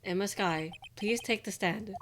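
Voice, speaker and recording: Woman reading as a halting old judge. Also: mid-range voice, noisy background, close to an everyday voice. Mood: formal. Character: hesitant older male judge.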